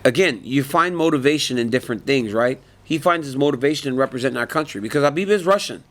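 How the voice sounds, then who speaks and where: A man's voice: mid-range voice, fast talker. A man in his forties, an MMA fighter, answering reporters in a casual media interview, telling stories with lots of laughter. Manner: animated storytelling, laughs often.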